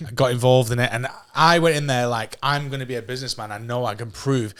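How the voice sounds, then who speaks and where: A man in his thirties, a podcast guest, tells his stories at a quick clip. He talks in a casual, animated way, laughing at his own jokes and swearing freely. His voice sits at a middling pitch. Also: clear, resonant tone. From England. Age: 30s. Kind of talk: casual storytelling.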